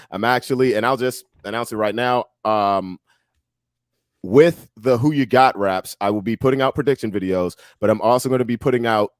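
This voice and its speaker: A young man with a deep voice, chatting as a podcast guest and telling stories with lots of laughter. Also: dry recording, clean studio sound. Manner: laughs often, animated storytelling. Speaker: podcast guest, musician and MMA analyst. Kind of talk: casual chat.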